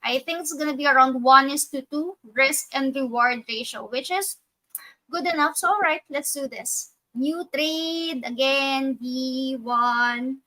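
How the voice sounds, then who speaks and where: Bright, slow-talking woman trading educator. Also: high voice, low-quality recording. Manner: methodical, thinks aloud with fillers and self-corrections. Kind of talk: live trading walkthrough.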